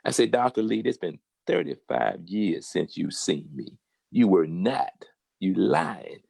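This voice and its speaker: Older southern guy with a low gravelly voice, telling a story, doing the voices, dry close sound. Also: measured pace, dry recording. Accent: Southern American. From Virginia. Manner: animated, acts out quoted voices. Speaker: guest storyteller. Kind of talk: casual storytelling.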